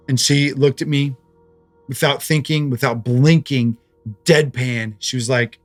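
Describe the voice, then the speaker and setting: A man's voice: mid-range voice, fairly even intonation, measured pace, no room sound. Man, pastor, sermon, conversational storytelling, dry close sound, faint music.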